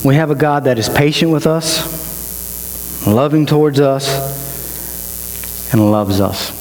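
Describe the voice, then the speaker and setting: A man's voice: mid-range voice, slow pace, a little mellow, faint music behind. A male pastor preaching a sermon with emotion, his voice climbing as he builds to each point. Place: church. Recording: reverberant hall with mains hum.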